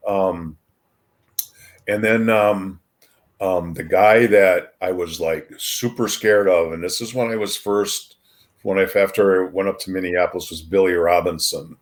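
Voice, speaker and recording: An older man with a deep, low-pitched voice tells stories from his past in a casual, meandering way. He often stops and restarts his sentences and pads them with ums as he recalls details. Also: fairly even intonation, a little slow. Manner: rambling with frequent ums and restarts. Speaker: retired wrestler, podcast guest. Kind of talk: casual anecdotal storytelling.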